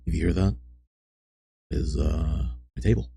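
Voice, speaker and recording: A man streaming, chatting softly and bluntly with viewers on a close microphone, teasing and swearing. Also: extremely low pitch, fairly even intonation, unhurried, vocal fry, breathy edge. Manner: blunt, profane, teasing chat. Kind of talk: soft-spoken ASMR stream chat. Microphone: close desk microphone.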